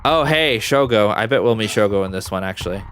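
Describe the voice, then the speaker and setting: A man giving casual, rambling commentary while playing a story game, chatty and quick to laugh. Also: lowish voice, expressive, a bit bright, faint music behind. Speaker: let's-play gamer.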